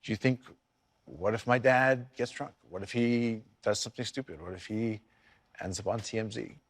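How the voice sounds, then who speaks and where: A man speaking candidly as an interview guest, halting and reflective, often restarting his sentences. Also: fairly low pitch, no echo, clean studio sound.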